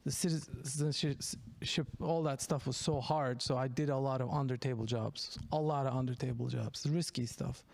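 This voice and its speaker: Male comedian, gravelly, rambling self-deprecating storyteller, dry sound. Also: mid-range voice, fairly even intonation, normal speed, few pauses, darkish tone, no room sound. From Turkey. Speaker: comedian guest. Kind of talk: casual podcast chat.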